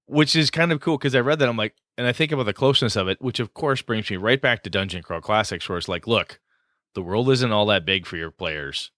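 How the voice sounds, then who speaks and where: Bright-voiced excitable man, dry sound. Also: fairly low pitch, fairly quick, dry recording. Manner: rambling and excitable, many fillers and restarts. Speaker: podcast co-host. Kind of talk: casual podcast chat.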